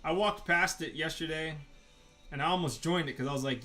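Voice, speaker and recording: Man, slightly higher voice, loose profane storyteller, chats over faint music while drawing. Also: fairly quick, sharp tone. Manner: rambling, profane, filler-heavy storytelling. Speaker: artist vlogger. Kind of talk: casual rambling chat while drawing.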